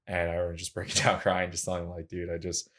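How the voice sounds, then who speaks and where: A young man with a low, deep voice tells his story as a podcast guest, speaking quickly and with little rise and fall in his tone. He sounds earnest and candid, and his casual talk is full of slangy fillers. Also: monotone, fairly bright tone. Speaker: podcast guest, track and field coach.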